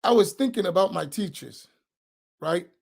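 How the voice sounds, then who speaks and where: The imam's voice is high-pitched, expressive, creaky and slightly rough, delivered at normal speed. Teaching an informal religious class, he talks conversationally, keeps asking after his listeners and restates key ideas for emphasis.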